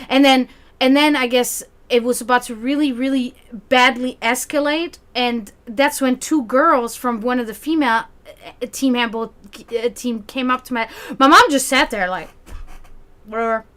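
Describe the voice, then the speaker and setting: A woman's voice: a little high, normal speed, smooth. A woman telling a long family story in a casual way, acting out the people she quotes and laughing often. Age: adult, grew up with a brother. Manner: animated, acts out quoted voices, laughs often, profanity. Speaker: community gathering host.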